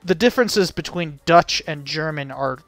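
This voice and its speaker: A man's voice: on the high side, normal speed, a bit bright, no room sound, soft background music. A man casually reacting to a video on stream, rambling and joking with frequent laughs and fillers. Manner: rambling, jokey, laughs often, lots of fillers. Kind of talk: casual chat.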